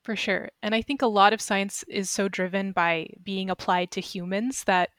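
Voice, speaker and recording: A woman's voice: mid-range voice, steady tone, normal speed, a bit bright, no echo. A woman podcast host asking questions in a thoughtful, slightly hesitant conversational way. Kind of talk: casual interview questions.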